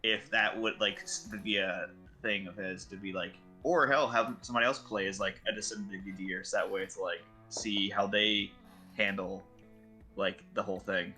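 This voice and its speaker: A man's voice: fairly low pitch, steady tone, normal speed, sharp tone, soft background music. A man chatting casually as a tabletop game player, rambling with lots of fillers and swearing. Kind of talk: casual chat.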